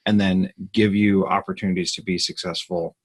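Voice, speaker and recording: A man with a husky, low voice speaks in a live Q&A. He talks earnestly and with emphasis, and he often restarts mid-sentence. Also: level tone, normal speed. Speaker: podcast host. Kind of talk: live Q&A conversation.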